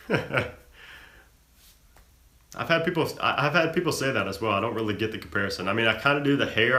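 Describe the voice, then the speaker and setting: A young man hosting a live stream, casually reading and answering viewer questions with a relaxed, chatty manner and plenty of fillers. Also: medium pitch, reverberant. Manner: relaxed, chatty, frequent fillers and self-laughs.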